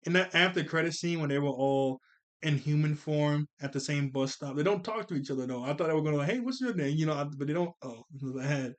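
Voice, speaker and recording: A man with a slightly high voice talks through a cartoon episode in a loose, unscripted way. He rambles, starts sentences over and leans on filler words. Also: brisk. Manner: rambling, with many fillers and restarts. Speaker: cartoon reviewer. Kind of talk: casual spoken review.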